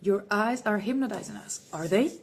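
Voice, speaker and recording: A woman's voice: medium pitch, expressive, normal speed, husky. Playful woman slipping into whispers. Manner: playful, theatrical, often dropping into a hushed whisper; calls listeners "my dear". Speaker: band member answering fans on a livestream. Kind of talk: casual live Q&A reading fan comments.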